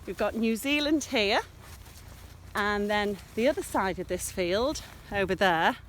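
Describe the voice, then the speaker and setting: A woman's voice: medium pitch, expressive, unhurried, fairly bright tone, a little hiss or hum. A woman showing viewers around her smallholding in a casual walking vlog. She chats in a meandering way and dotes on her animals, and she films herself outdoors in a farm field on a handheld camera. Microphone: handheld camera filming herself.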